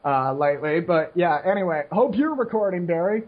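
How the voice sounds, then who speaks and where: A man's voice: high-pitched, animated, fairly quick, husky, narrow, tinny audio. A man in his late twenties on a casual podcast, ranting frankly and rambling with lots of restarts, short on sleep. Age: 20s. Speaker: podcast co-host. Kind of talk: casual rant.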